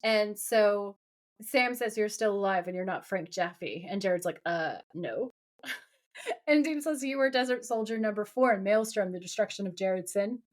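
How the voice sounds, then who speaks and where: A mid-range female voice at a moderate pace belongs to a podcast co-host. She chats through a TV episode recap and animatedly re-enacts scenes with quoted dialogue.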